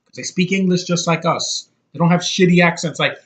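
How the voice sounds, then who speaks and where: Speaking in a high-sitting, somewhat bright voice, a man offers a rambling, casual take on a movie. He's blunt, opinionated, and freely profane, and his delivery halts repeatedly with fillers and restarts.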